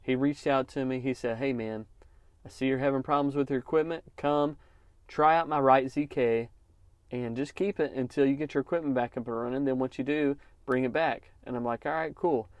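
A man's voice: mid-range voice, steady tone, fairly quick, no echo. Guy rambling through a story on his podcast, chill and encouraging, dry close mic. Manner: storytelling, encouraging, says "man" often. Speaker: podcast host, lawn care business owner. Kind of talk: casual motivational podcast talk.

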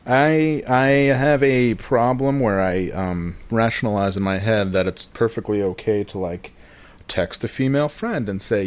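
A man's voice: lowish voice, expressive, a little slow. A man telling a rambling, self-deprecating comic story on a podcast, swearing and laughing at himself.

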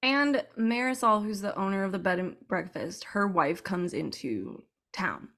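A woman co-hosting a podcast who gushes excitedly in casual chat and breaks into squeals. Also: medium pitch, measured pace. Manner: gushing, excitable, bursts into squeals. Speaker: podcast co-host.

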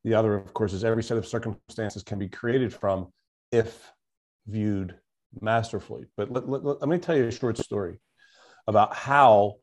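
Man, mid-pitched, reflective, storytelling, coach in an interview, quotes mantras. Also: a little mellow. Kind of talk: conversational interview.

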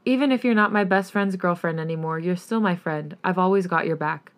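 A woman's voice: lowish voice, fairly quick, lightly acted. A woman voicing a protective, loyal young man who is an attorney and friend, speaking bluntly and reassuringly.

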